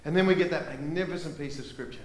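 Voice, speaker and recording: A man preaching a sermon as pastor, impassioned, swinging from emphatic to hushed and repeating rhetorical questions. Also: fairly high pitch, fast talker, reverberant, slight background noise, low-quality recording.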